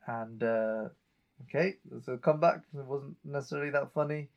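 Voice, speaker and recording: A man's voice: mid-range voice, steady tone, moderate pace, muffled recording. Man casually recapping a TV episode. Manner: retells scenes, reading out character lines in a plain voice. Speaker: podcast co-host recapping an episode.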